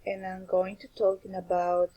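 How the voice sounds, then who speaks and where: A woman giving a scripted lesson on pronunciation, explaining carefully and deliberately with examples. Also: medium pitch, completely flat delivery, mellow, poor audio.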